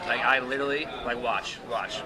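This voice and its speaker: A man's voice: medium pitch, normal speed. A young man at a bar food challenge, talking casually in an exhausted, rambling way with lots of fillers. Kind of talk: casual chat. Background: loud crowd.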